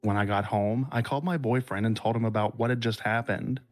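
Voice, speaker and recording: A podcast host reads a listener's horror story aloud at a measured, unhurried pace, then chats casually with his guests. His voice is on the low side with fairly even intonation.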